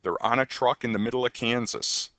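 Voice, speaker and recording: A man's voice: mid-range voice, steady tone, a little fast, sharp tone, no echo. A man teaching accounting in a conversational recorded lecture, with frequent ums and rhetorical questions to the students. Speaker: accounting instructor.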